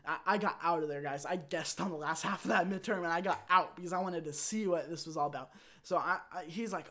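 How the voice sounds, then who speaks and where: A young man hosting his own channel, telling a rambling personal story in a casual, animated way and acting out quotes. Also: on the high side. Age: young adult. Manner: animated, rambling, with quick restarts and acted-out quotes. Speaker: channel host.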